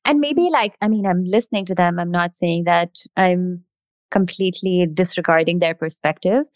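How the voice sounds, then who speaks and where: A woman's voice: on the low side, moderate pace, no room sound. Reflective young woman, dry close sound. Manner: thoughtful, reflective, hedging. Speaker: singer and podcast guest. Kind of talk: casual chat.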